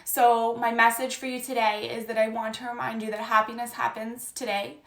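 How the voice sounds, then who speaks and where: In an echoey room, a young life coach and podcast host speaks earnestly and encouragingly on a live stream while reading out viewer comments. Her fairly bright, higher voice keeps a level tone and moves a little fast.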